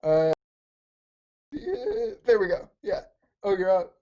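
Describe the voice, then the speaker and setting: A woman's voice: mid-range voice, wildly swooping pitch, takes it slowly, warm tone, muffled recording. A woman co-hosting a casual game stream, playful and teasing, laughing often. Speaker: streamer, co-host. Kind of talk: casual gameplay chat.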